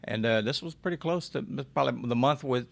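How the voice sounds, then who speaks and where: A young man in his twenties speaks as a podcast guest, his voice carrying a gravelly, creaky edge. He talks bluntly and emotionally, casual and unpolished, dropping the odd swear word as he tells his story. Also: mid-range voice, fairly quick. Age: 20s. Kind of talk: candid interview storytelling.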